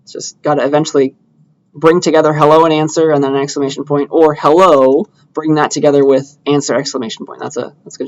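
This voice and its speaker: A man's voice: fairly high pitch, fairly even intonation, fairly quick, a little mellow. Casual young male lecturer, lo-fi capture. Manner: casual, chatty, thinking aloud while clicking through code. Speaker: computer science lecturer. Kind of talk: live classroom lecture with coding demo. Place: lecture hall.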